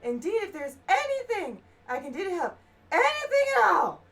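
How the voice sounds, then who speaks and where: A woman voicing an eager, over-polite male scribe in a high, drawling put-on Southern accent, reading game dialogue on a live stream. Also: sing-song, moderate pace, fairly bright tone, far from the mic, heavily acted.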